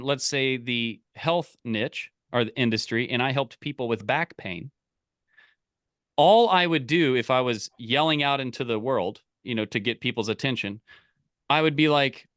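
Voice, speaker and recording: A man coaching a live online group, energetic and full of restarts and repeated words. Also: mid-range voice, no echo, clean studio sound. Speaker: business coach.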